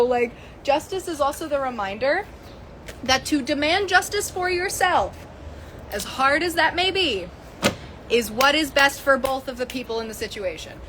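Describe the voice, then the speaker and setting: A woman's voice: sits high, sharp tone, a little hiss or hum. A young woman teaching a casual tarot lesson, chatty and candid, swearing freely and laughing often.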